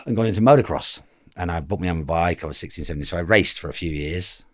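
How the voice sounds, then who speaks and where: Man, 50s, from England, rapid rambling anecdotes, dry close sound. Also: sits low, no room sound. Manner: rambling, acts out quoted voices. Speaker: guest. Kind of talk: casual storytelling interview.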